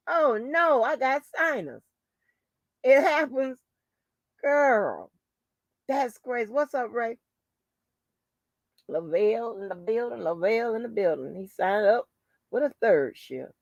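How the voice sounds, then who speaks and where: Chatting casually on her live stream, this host greets viewers by name and talks bluntly and profanely. Her fairly high voice is heard in a muffled recording with no echo.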